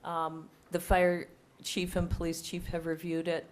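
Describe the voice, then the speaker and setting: A woman's voice: on the low side, completely flat delivery, a little slow. A woman with a cold and a nearly lost voice, presenting a proposed bylaw at a town hearing, speaking close into a microphone and explaining it step by step. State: hoarse from a cold, voice nearly gone. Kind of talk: formal presentation at a public hearing. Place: town meeting room. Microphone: speaks close into a table microphone.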